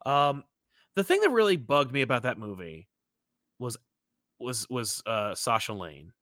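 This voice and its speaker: A man's voice: mid-range voice, sing-song, unhurried, a bit bright, no room sound, clean studio sound. A man co-hosting a casual movie chat, rambling and profane, full of fillers and restarts.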